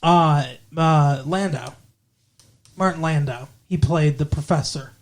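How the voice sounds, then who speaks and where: A man's voice: on the high side, takes it slowly. A man co-hosting a casual movie podcast, rambling and digressive, often correcting himself mid-sentence. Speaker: podcast co-host.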